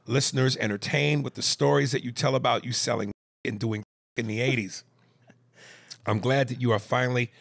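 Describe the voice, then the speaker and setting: A man co-hosting a podcast, reading a fan email aloud in casual chat, animated and jumping into loud high bits. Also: gravelly, dry recording, clean studio sound. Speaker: podcast co-host.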